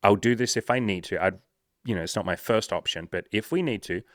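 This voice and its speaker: A man's voice: on the low side, brisk, dry recording, clean studio sound. A man coaching on dating and sales in a blunt, casual, profane monologue.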